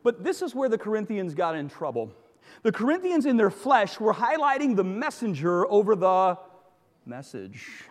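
A man preaching a sermon as a pastor, telling stories with animated joking asides. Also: sits high, moderate pace, in a large hall.

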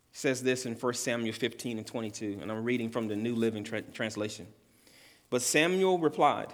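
A pastor delivers a sermon with earnest emphasis, repeating key words and climbing in pitch and volume at his climactic moments. A long hall reverb surrounds the recording.

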